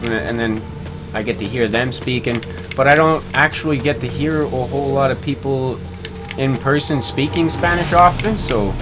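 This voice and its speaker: A man streaming a game live, chatting casually, reading viewer comments aloud and laughing easily. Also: mid-range voice. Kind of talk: casual live-stream chat while gaming.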